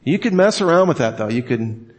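Speaking quickly in a high voice with wide pitch swings, this man teaches a preaching class as a Bible teacher. He's relaxed and playful, laughing as he acts out quotes, all in a long, reverberant hall.

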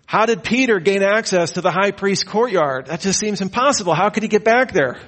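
Lively man lecturing on scripture. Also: a little high. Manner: lively, questioning delivery, mock-incredulous asides. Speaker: Bible teacher. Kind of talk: lecture on the Gospels.

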